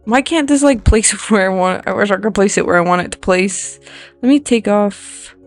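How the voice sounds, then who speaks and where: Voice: medium pitch, normal speed, faint music behind. A video creator giving casual, rambling commentary while building in a life-sim game, thinking aloud and poking fun at their own mistakes.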